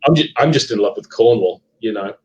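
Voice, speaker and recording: Podcast guest: middle-aged Englishman, Leicester accent with an American tinge, lowish voice, chatty and hesitant. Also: expressive, a little fast, rough recording. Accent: Leicester English, partly Americanized. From England. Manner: chatty, hesitant with frequent ums and restarts. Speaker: guest author and paranormal investigator. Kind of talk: casual live podcast chat.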